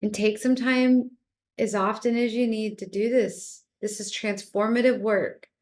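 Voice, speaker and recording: A woman giving a calm spiritual talk as a teacher, gently coaxing and repeating herself as she guides listeners through a meditation practice. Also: fairly high pitch, measured pace.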